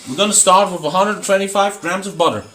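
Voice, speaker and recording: A man's voice: high-pitched, fast, fairly bright tone, soft background music. A man for whom English is not his first language, hosting a casual cooking stream in a brash, teasing, mock-boastful way. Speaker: cooking show host.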